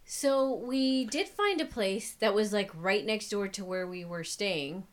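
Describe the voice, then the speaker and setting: A woman's voice: medium pitch, lively intonation, a little slow. A woman in casual chat, telling a travel story with teasing remarks and casual swearing.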